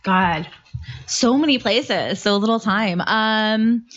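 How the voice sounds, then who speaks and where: A woman's voice: on the high side, slow, a bit bright. A woman in her thirties, a bartender appearing as a podcast guest, telling a story in a candid, casual way full of likes and fillers, swearing freely. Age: 30s. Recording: dull lo-fi podcast audio.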